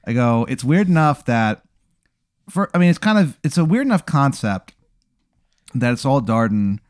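A man co-hosting a comedy podcast who plays along and thinks out loud in a casual, profane way. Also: medium pitch, sing-song, moderate pace, no echo, clean studio sound. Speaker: podcast co-host playing along. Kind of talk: improvised comedy chat.

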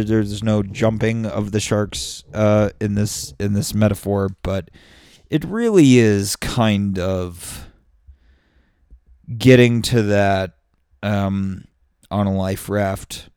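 A man's voice: on the low side, a little mellow, no room sound, clean studio sound. A man hosting a show alone, rambling through crude, self-mocking metaphors and swearing freely. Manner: profane, self-mocking, loose with extended metaphors. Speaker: podcast host. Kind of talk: solo rambling monologue. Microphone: studio microphone.

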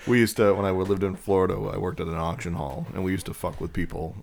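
Deep-voiced male podcast co-host, crude and jokey. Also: fairly even intonation, quick pace, gravelly. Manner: crude, laughing storyteller. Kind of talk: casual chat. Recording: quieter mic, some distant bits.

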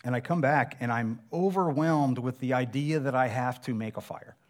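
A man's voice: mid-range voice, moderate pace. A middle-aged man preaching a sermon, telling a personal survival story in a conversational, self-deprecating way.

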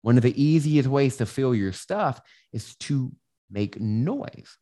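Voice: medium pitch, expressive, slow, mellow. A self-help coach giving candid casual advice, explaining through a personal story with frequent restarts. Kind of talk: casual advice monologue to camera.

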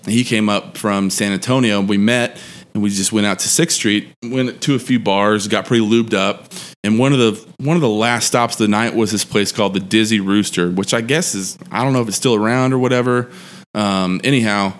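A man's voice: fairly low pitch, fairly even intonation, brisk. A man, a podcast guest telling a long story in a rambling, profane way and laughing often. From Texas. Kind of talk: casual storytelling.

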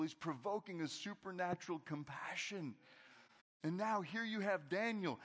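A pastor preaching a conversational, animated sermon to his congregation in a large church. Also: fairly high pitch, breathy edge. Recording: long hall reverb.

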